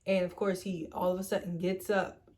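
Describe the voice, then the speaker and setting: A young woman telling a storytime vlog in a chatty, animated way, acting out quoted lines and leaning on "like" and "literally". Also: on the low side, moderate pace. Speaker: storytime vlogger. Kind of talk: casual storytime.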